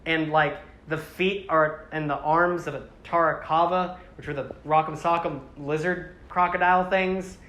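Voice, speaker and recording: A woman giving a rambling, animated casual talk to a live audience, often slipping into character voices. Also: low voice, moderate pace, few pauses, reverberant, slight background noise. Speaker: presenter.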